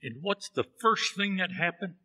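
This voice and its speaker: A man's voice: high-pitched, lively intonation, moderate pace, pushed and bright, long reverb tail. A man preaching a sermon in a church, telling a Bible story and acting out the characters' lines. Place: church sanctuary.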